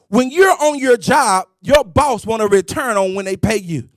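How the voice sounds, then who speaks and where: High-voiced emphatic preacher man. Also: animated, moderate pace, hardly any pauses, no echo, studio quality. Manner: emphatic, sing-song preaching with exclamations. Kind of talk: sermon.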